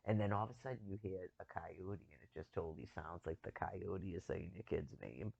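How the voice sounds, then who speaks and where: A man's voice: deep voice, fairly quick, gravelly, darkish tone, slightly rough, no echo, lo-fi sound. A man in casual chat, rambling and chuckling as he talks, with loose, profane phrasing.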